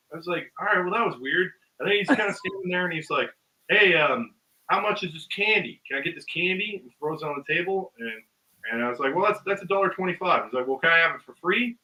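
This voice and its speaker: A man's voice: a little high, expressive, fairly quick, bright, forceful tone, recorded from a distance, rough recording. A man telling a long story in casual chat, rambling with ums and uhs and acting out the voices of the people in it. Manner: rambling, full of ums and uhs, acts out quotes with laughs. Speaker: guest musician.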